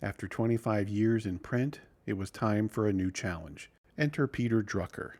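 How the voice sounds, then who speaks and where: A man narrating a podcast from a script in a measured, even way. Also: fairly low pitch.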